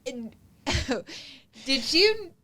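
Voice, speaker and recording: A woman's voice: high-pitched, sing-song, drawn-out words. A woman hosting a podcast, asking supportive questions in a casual chat. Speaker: podcast host.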